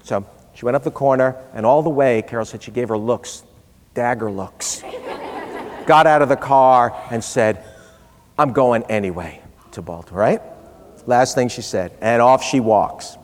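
This public speaker is a middle-aged man whose mid-range voice moves at a measured pace. In his speech he relates a humorous family anecdote in a chatty style, acting out the voices of those he quotes, with a large hall's long reverb around him.

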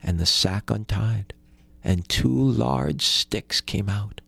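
Male storyteller, gravelly, dry close recording. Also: on the low side, slow, fairly bright tone, dry recording. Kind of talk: folktale storytelling.

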